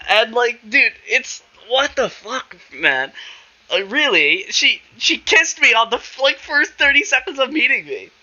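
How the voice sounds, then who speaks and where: A man's voice: very high-pitched, sing-song, a little slow, pushed and bright. A young man from Canada telling stories about his past, rambling, laughing often and swearing freely. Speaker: podcast host. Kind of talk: casual storytelling. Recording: slightly muffled recording.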